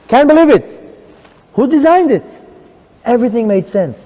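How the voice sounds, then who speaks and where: Rabbi giving a lively testimony talk, high, expressive voice, long hall reverb. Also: male voice. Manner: animated, emphatic storytelling. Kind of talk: testimony lecture.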